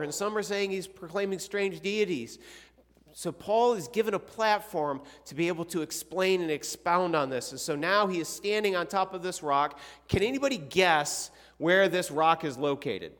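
A slightly higher-voiced man leads a youth Sunday school class in a relaxed, conversational way. He often clears his throat and puts questions to the students. His voice rings with the long reverb of a church hall. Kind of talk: casual Bible class teaching.

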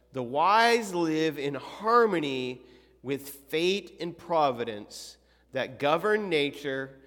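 A slightly higher-voiced man leads a youth Sunday school class in a relaxed, conversational way. He often clears his throat and puts questions to the students. His voice rings with the long reverb of a church hall. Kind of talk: casual Bible class teaching.

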